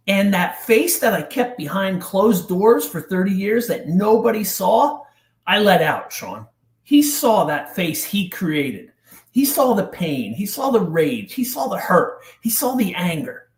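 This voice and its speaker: A middle-aged man from New Jersey, a podcast guest telling a painful personal story in an intense, halting way with casual slang. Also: high voice, very animated. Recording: roomy echo.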